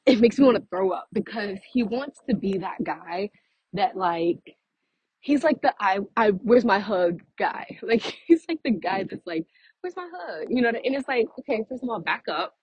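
This vlogger is a young woman venting casually to camera for her followers, chatty and exasperated with laughing asides, a bit out of breath from walking outdoors. Her fairly high, expressive, husky voice moves at normal speed. The recording is muffled with no room sound.

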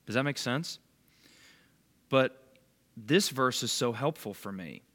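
A man teaching a small group in a relaxed, chatty sermon, his pitch swinging up and down with animated emphasis. He keeps checking in with listeners and calls on them by name. His voice sits at an ordinary middle pitch. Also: takes it slowly. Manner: conversational, quizzes listeners by name. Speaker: bible study leader.

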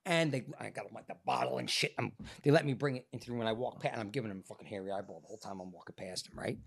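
A man, an actor guest on a podcast, telling a story in a profane, animated way, his voice changed by illness. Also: mid-range voice, fast, vocal fry, slightly rough. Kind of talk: casual podcast interview storytelling.

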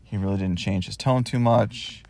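A man's voice: on the low side, normal speed, creaky, a little mellow. A man hosting a casual solo podcast, talking in a wry, rambling way with many fillers while recording on his phone in his parked car. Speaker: podcast host.

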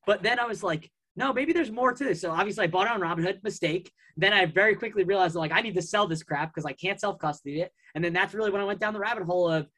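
A man's voice: high voice, quick pace, few pauses, sharp tone. A man as a podcast guest in casual chat, telling a long story in a rambling way, full of fillers and restarts.

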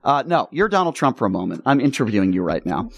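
A man's voice: medium pitch, sing-song, fast talker, no echo. A man hosting a talk radio show, argumentative and emphatic in his commentary.

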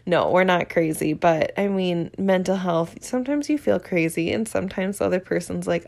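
Candid woman with a gravelly voice. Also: fairly low pitch, a little fast, few pauses, darkish tone. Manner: open, emotional, laughs often, vivid. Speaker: podcast host. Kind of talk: candid personal talk.

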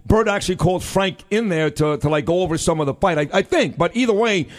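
A male radio co-host jokes with his callers and treats them affectionately. His voice sits a little high, and he talks casually. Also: fast talker. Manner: affectionate and jokey.

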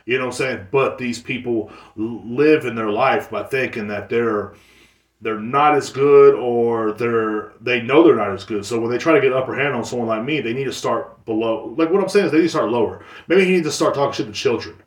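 In a casual solo podcast, a man with a mid-range voice speaks fairly quickly. He rambles, brags and gets crude, with lots of fillers and restarts, and the recording sounds roomy, as if the mic sits far off.

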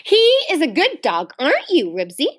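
Woman doing a young boy, earnest and fretful, bright high voice, very lively, storybook reading. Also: normal speed, heavily acted. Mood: eager. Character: eager young boy who owns a dog.

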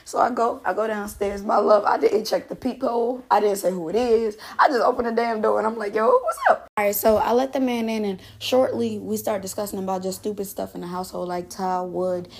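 A woman's voice: mid-range voice, steady tone, a little fast, hardly any pauses, darkish tone. A woman in her twenties hosting a podcast, telling a story in a loose, profane, casual monologue. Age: 20s. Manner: loose, profane, laughs often. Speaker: podcast host.

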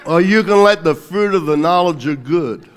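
A man's voice: on the high side, normal speed. A man preaching a sermon with fervent emphasis, leading his congregation in phrases to repeat after him. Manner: fervent, emphatic preaching, swinging between loud declarations and quieter teaching. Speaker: pastor.

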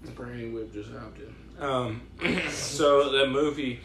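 A man's voice: mid-range voice, slow pace, a bit bright. A man telling a rambling, profane story in casual chat among friends. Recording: echoey room with faint noise.

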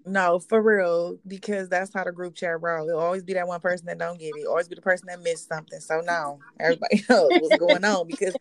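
A woman's voice: lowish voice, fairly even intonation, fast, hardly any pauses. A woman co-hosting a podcast in casual chat, talking loosely and profanely and laughing often, a little tipsy. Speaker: podcast co-host. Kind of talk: casual chat among friends.

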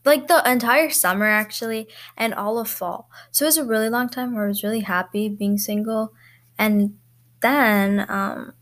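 A young woman hosting a podcast on her own, talking casually and rambling with lots of likes and ums, often teasing herself. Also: medium pitch. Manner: self-mocking. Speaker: podcast host. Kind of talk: casual solo chat.

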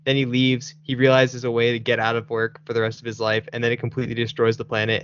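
A man's voice: medium pitch, completely flat delivery, quick pace, few pauses, fairly bright tone, smooth, lo-fi sound. A man hosting a casual podcast chat, rambling and laughing often. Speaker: podcast host.

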